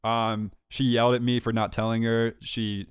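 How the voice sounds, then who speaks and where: A young man co-hosting a podcast, telling a story in a lively, self-mocking way and laughing often. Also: mid-range voice, normal speed, clean tone, dry recording, clean studio sound. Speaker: podcast co-host. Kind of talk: casual chat, storytelling.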